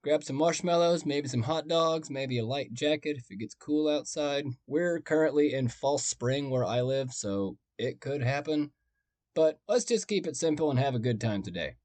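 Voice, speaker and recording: Wry, laid-back podcast host. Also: male voice, on the high side, moderate pace, a little mellow, dry recording. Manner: conversational, wry and self-deprecating. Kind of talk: casual storytelling podcast.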